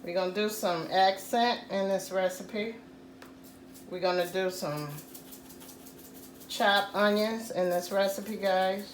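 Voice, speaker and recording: A woman hosting a casual home cooking tutorial, talking slowly and repeating "guys" to her viewers. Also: mid-range voice, fairly even intonation, reverberant, a little hiss or hum. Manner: slow, repetitive, says "guys" often. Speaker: cooking channel host.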